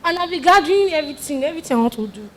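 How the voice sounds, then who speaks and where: A high-pitched, whiny Nigerian younger sister, acted by a woman who keeps begging and pleading. Clear background noise sits under her voice. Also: animated, racing, a bit bright. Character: pleading younger sister wanting birthday money. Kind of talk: skit acting.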